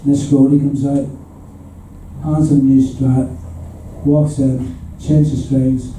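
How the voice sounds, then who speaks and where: This anecdote-telling guest musician is a Northern Irish man in his seventies with a Belfast accent, chuckling as he entertains a live audience in a hall. His mid-range voice is dark, slow and shows little pitch movement. The distant, echoey recording carries a little hiss or hum.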